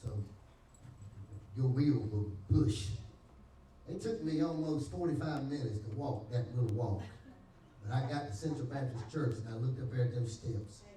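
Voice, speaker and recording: A man's voice: mid-range voice, normal speed, dark tone, slight background noise. A man with a North Carolina Southern accent, a pastor giving his testimony in folksy storytelling style, acting out the dialogue. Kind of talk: testimony preached to a congregation. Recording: echoey church hall, distant mic.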